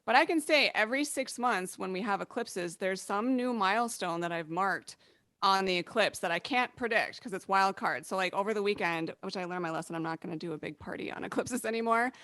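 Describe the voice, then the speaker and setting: A woman astrologer chatting casually on a podcast, laughing often and acting out quick quoted remarks from clients. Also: medium pitch, fairly bright tone, dry recording.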